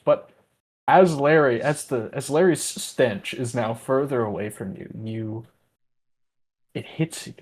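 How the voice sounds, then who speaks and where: A man's voice: medium pitch, measured pace. Casual man narrating as game master. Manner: casual, rambling with fillers.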